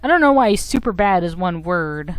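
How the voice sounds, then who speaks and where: A woman's voice: on the low side, animated, moderate pace, clean tone, dry recording. A young woman streamer giving casual gameplay commentary with wry, joking asides.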